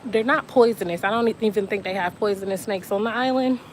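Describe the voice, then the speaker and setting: A woman's voice: medium pitch, quick pace, a little hiss or hum, poor audio. A woman live-streaming outdoors by a beach, out of breath and chatting straight to her viewers on a phone. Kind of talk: casual live-stream chat.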